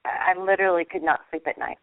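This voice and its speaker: A woman's voice: lowish voice, steady tone, quick pace, dry recording. A woman calling in to a talk show, speaking in a heartfelt way and repeating words for emphasis. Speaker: caller. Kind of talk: casual call-in chat. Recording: dry phone line.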